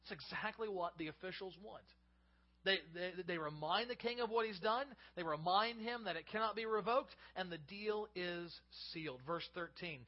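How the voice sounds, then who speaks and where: A high-voiced male pastor preaching a sermon, reading scripture and then unpacking it with animated asides. The recording is slightly dull and lo-fi. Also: moderate pace.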